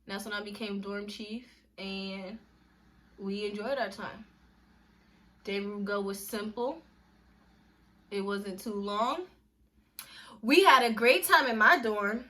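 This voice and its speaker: A woman's voice: mid-range voice, slow pace, long pauses, sharp tone. A young woman telling a personal story on a casual vlog, candid and emphatic, with slang and restarts when emotional. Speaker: vlogger.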